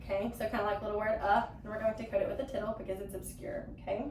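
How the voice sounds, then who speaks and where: A woman's voice: mid-range voice, flat delivery, very fast, darkish tone, a little hiss or hum. A woman teaching a phonics lesson to a small group, patiently prompting with questions and "okay?". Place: classroom. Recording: echoey classroom, mic far off.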